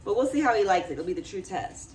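A young woman talking casually to camera in her home as a vlogger, chatty and animated. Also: mid-range voice, quick pace, far from the mic, a little hiss or hum. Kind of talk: casual vlog chat to camera.

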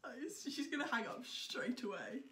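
A woman's voice: on the high side, expressive, moderate pace, pushed and bright, a little hiss or hum. A young woman hosting a casual vlog at home, giggling often and swearing casually. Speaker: vlog host. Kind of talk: casual chat.

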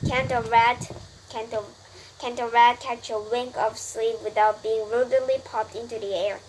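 A woman's voice: a little high, fairly even intonation, moderate pace, darkish tone, a little hiss or hum, lightly acted, low-quality recording. A woman with a Korean first language voicing a lazy, sarcastic male rat who grumbles and complains. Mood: sarcastic grumbling.

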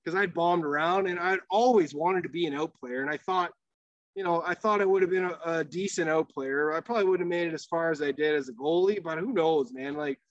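Appearing as a podcast guest, a former pro hockey player tells casual, animated stories, swearing freely and laughing as he goes. His fairly high voice is brisk, and the recording sounds dry and muffled.

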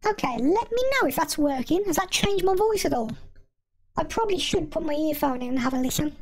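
A male streamer using a pitch-shifting voice changer to sound like a cheerful young woman, chatting while he tests it. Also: animated, fairly quick. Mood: amused. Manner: chatty, testing the effect aloud. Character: girly high female voice, cheerful.

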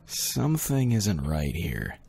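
A man's voice: low-pitched, wildly swooping pitch, slow pace, vocal fry, background noise, heavily acted. A man voicing a wary adult male night guard who mutters grimly, heard in game audio.

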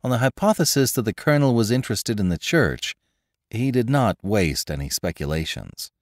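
A man giving an expressive scripted audiobook narration of a classic story. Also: lowish voice, normal speed, dry recording, clean studio sound.

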